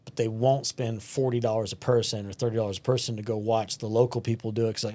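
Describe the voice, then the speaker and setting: Texan man, animated casual storyteller. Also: on the low side, fast, few pauses. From West Texas. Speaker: podcast host and gym owner. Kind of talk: casual podcast conversation.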